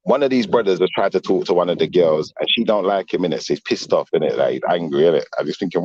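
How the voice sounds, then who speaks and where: A middle-aged man, telling a story in animated street slang on a casual stream panel. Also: sits low, fast, few pauses, slightly rough, dull audio. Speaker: panel guest.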